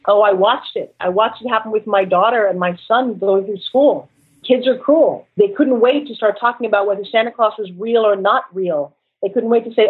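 A woman guest in an interview, talking in an effusive, animated and emotional way. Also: a little high, a little fast, husky, narrow, tinny audio.

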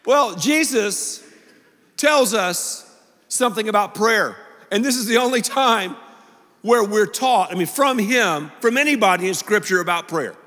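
A male pastor preaching a sermon in a joking, animated way, full of quick asides, in a large church auditorium. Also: high-pitched. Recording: long reverb of a large hall.

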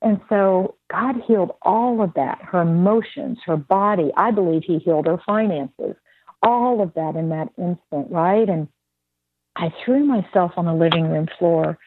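A woman's voice: fairly low pitch, a little slow, breathy edge, dry recording. A woman sharing a spoken testimony as a guest, telling her story vividly and acting out the voices of the people in it. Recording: dry tinny phone-like line.

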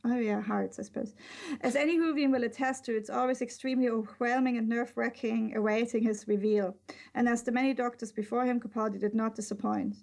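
A woman's voice: fairly high pitch, fairly even intonation, fast talker, vocal fry, a little mellow. A woman co-hosting a casual podcast chat, reading a listener's email aloud with joking asides. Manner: laughs often, reads with asides. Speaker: podcast co-host.

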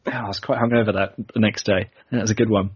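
British man, husky podcast host, jokey and chatty, dull lo-fi audio. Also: on the low side, fairly even intonation, racing, no echo. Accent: British English. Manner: chatty and jokey, laughs often. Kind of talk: casual podcast chat.

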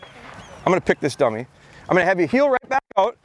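A man's voice: high voice, very animated, brisk, a little hiss or hum. A man in his thirties teaching a dog training class outdoors on a mowed field, coaching handlers and often repeating his words as he gives instructions.

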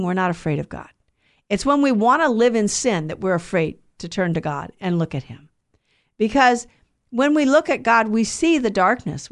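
A woman hosting a call-in radio show and teaching on the Bible in an earnest, conversational way, often checking in with her listeners. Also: a little high.

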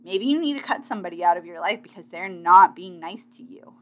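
A woman's voice: fairly low pitch, expressive, brisk. A woman in a casual motivational monologue, talking directly and chattily to her listeners as a fitness competitor sharing advice.

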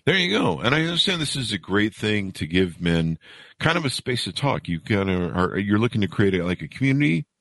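A man's voice: lowish voice, very animated, a little fast, a bit bright, no echo. A man hosting a podcast, joking and rambling with self-mocking asides. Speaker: podcast host. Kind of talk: casual rambling podcast intro and interview.

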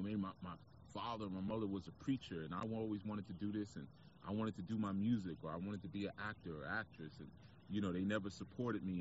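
His voice sits low, and the muffled recording has a little hiss or hum. He is a New York-accented spiritual speaker giving a relaxed, reflective, preachy talk to camera outside, with frequent "you know"s.

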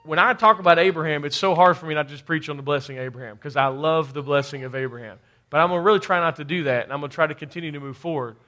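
High-voiced preaching man. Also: rapid-fire, bright, forceful tone. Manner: call-and-response preaching, rising to emphatic bursts; repeats words while building a point. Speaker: pastor. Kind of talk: sermon.

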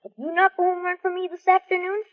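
A woman's voice: very high voice, little pitch movement, fast. A woman playing an eager young boy in a hospital bed, in 1940s radio acting, on a dull old recording. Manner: eager, pleading.

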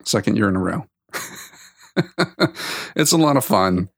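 A man's voice: on the low side, very animated, unhurried, creaky, fairly bright tone, no room sound. A man hosting his podcast in a loose, rambling chat. He corrects himself mid-sentence and chuckles as he goes. The sound is dry and close, with no room around it. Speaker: podcast host. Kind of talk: casual unedited podcast chat.

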